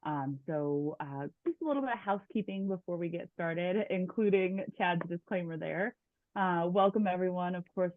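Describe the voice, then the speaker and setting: A woman's voice: fairly low pitch, no echo. A woman welcomes attendees to an online session in a polite, friendly way. Her voice comes through dry and narrow, like a phone line on a video call. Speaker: webinar moderator. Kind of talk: friendly moderating.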